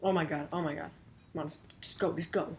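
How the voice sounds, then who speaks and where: A woman with a notably deep voice for her sex talks over live gameplay, jumpy and excitable. She fires off quick exclamations and swaps swearing for silly made-up oaths. A faint hiss sits under her voice. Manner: self-censoring, silly minced oaths. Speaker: gameplay commentator.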